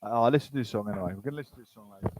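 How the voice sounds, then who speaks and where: A man's voice: medium pitch, rapid-fire, a little mellow, a little hiss or hum, poor audio. A man hosting a casual political commentary show. He reads news aloud and breaks off into rambling, chatty asides.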